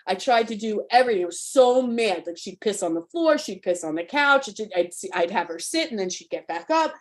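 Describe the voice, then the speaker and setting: A woman's voice: mid-range voice, animated, fairly quick. A woman coach giving a live online talk to parents, frank and spirited, cursing freely in a conversational, rallying way.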